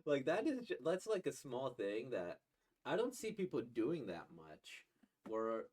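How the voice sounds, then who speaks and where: A man's voice: mid-range voice, wildly swooping pitch, unhurried, darkish tone, a little hiss or hum. A young man casually reacting to a manga, rambling with many restarts and short laughs.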